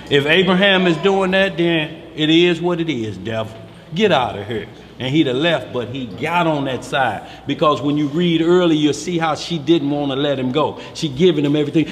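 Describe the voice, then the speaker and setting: A man teaching scripture in a lively, slangy way, acting out voices as he talks. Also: on the high side, moderate pace, long reverb tail, slight background noise. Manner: animated, slangy, acts out voices.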